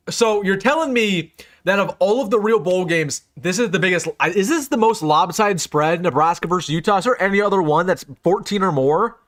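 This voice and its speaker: The speaker is a young man from the US hosting a laid-back live sports stream and sharing his picks. With a voice pitched a bit high, he talks in an excited, emphatic way and keeps repeating phrases to hammer his points in.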